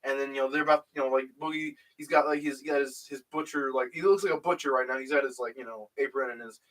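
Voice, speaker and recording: A man's voice: medium pitch, steady tone, fast, fairly bright tone, far from the mic. A young man hosting a casual chat, retelling a video in a rambling way full of fillers. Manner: rambling, full of "like" and "you know". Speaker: YouTube host. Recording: voice a bit off the mic.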